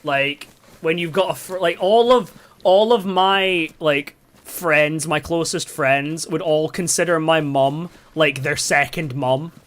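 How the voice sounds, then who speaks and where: A man's voice: on the high side, takes it slowly, a bit bright. A young man from the UK chatting casually and rambling, with lots of fillers and swearing, while streaming a game. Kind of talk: casual storytelling while gaming.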